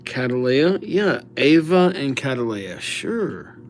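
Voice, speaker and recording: A middle-aged man chats with his stream viewers in an unhurried, easygoing way, handing out playful nicknames. His voice sits at an ordinary middle pitch. A faint hum of room ambience stays under the recording. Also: big pitch swings. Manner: chatty, greets viewers by name, playful nicknames. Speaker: livestream host writing viewers' names. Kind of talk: casual livestream chat.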